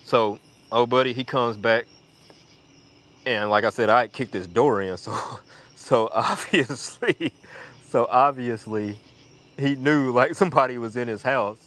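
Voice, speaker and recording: Profane man rambling through a story. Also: normal speed. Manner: profane, rambling, acts out quoted voices in a high pitch; drops to a hushed mutter when reflecting. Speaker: storyteller on a live audio chat. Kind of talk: casual storytelling.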